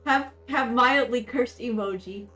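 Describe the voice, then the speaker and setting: Woman, streamer host, casual chat, giggly, hyped, slightly high voice, echoey room, faint music behind. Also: unhurried, sharp tone. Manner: giggly, hyped, restarts sentences often. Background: faint background music.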